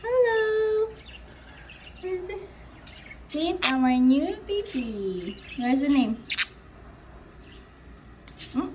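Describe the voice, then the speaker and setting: Pet owner, woman, very high sing-song baby talk, very slow, faint home noise behind. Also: big pitch swings.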